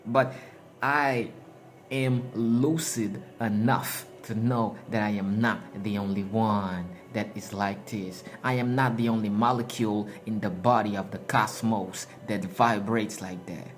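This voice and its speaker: A man's voice: lowish voice, fairly even intonation, unhurried. A man giving a freewheeling motivational monologue, emphatic and full of profane slang, laughing at himself now and then. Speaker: motivational speaker.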